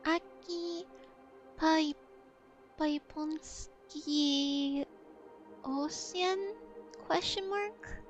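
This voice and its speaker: A woman streamer in casual livestream chat, playful and chatty as she answers her chat, often dropping to a soft, quiet voice. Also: high-pitched, fairly even intonation, measured pace, pauses often, soft background music.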